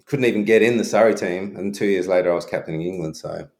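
A middle-aged man with a very low voice tells stories from his own life. He talks as an interview guest, frankly and loosely, full of ums and restarts. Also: fast, a little mellow. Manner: frank, anecdotal, many fillers and restarts. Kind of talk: reflective storytelling.

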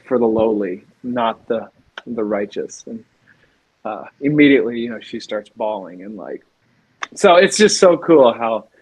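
A man's voice: mid-range voice, lively intonation, a little slow, darkish tone, breathy edge, rough recording. A man co-hosting a faith podcast, retelling a scene at length in a rambling, emotional way. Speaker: podcast co-host. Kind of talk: casual faith chat.

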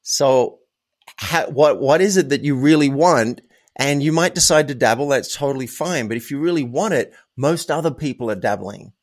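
Speaking at a normal pace in a mid-range voice, this podcast guest recounts his own experiences in relaxed interview storytelling, stressing ideas by repeating words emphatically.

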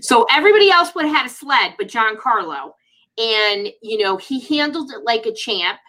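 A middle-aged woman in lively casual conversation, often adding "right?" and "you know". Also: a little high, moderate pace, poor audio. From United States. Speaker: guest speaker on parenting and mental health.

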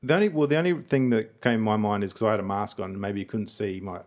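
A middle-aged man with a lowish voice tells a story at a quick clip. He chats casually and slips into the voices of the people he quotes. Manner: animated storytelling, acts out other people's lines. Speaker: podcast co-host, father. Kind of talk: casual chat.

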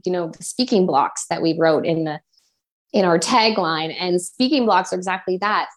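A woman co-hosting a casual live chat as a voice coach, explaining her points and now and then putting on voices to show them. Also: mid-range voice. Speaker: voice coach, co-host.

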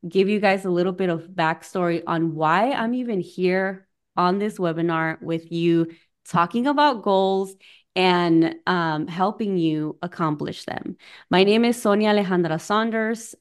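A young woman hosts a friendly webinar over a video call, chatty and open, dropping in bits of Spanish as she talks. Her voice sits a little low and comes through smooth and clear. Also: a little slow. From United States, Mexican family. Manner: warm, chatty, mixes in Spanish phrases. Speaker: coach and workshop host. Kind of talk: conversational webinar talk.

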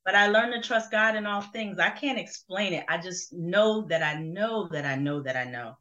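Middle-aged woman from New Jersey, deep bright voice, earnest reflective testimony, lo-fi sound. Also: normal speed. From Burlington, New Jersey. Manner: earnest, reflective, with many fillers. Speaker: guest. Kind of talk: personal testimony in conversation. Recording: dull lo-fi sound.

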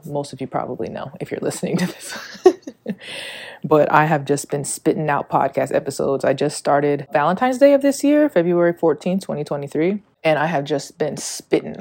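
A woman's voice: deep voice, darkish tone. A young woman hosting her own podcast, talking candidly and a little out of breath, rambling and swearing freely with frequent laughs. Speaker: podcast host. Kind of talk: casual solo podcast monologue.

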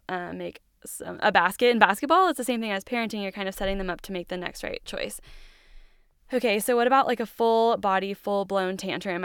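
A woman in her thirties talks through parenting advice as a podcast host, earnest and encouraging, with a chatty, filler-laced flow. Her voice comes through exceptionally smooth and clean, with a dry, close sound and no room around it. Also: mid-range voice, no echo. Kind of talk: casual parenting advice monologue.

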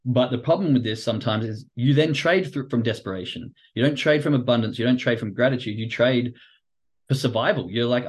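A man hosting a livestream, explaining trading psychology in casual, animated talk, acting out quoted reactions and swearing casually. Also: mid-range voice, a little fast, slightly rough. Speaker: podcast host and trading coach.

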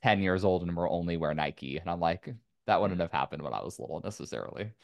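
A man's voice: sits low, expressive, quick pace, creaky, no echo, highs cut off. A man from Indiana in a casual conversation, talking in loose, rambling sentences full of "like.". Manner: rambling, many "like" fillers. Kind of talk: casual chat.

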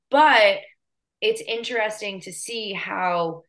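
A woman's voice: medium pitch, very slow, fairly bright tone. A woman hosting a casual conversation, reflective and chatty, often checking that her guest follows. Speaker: podcast host.

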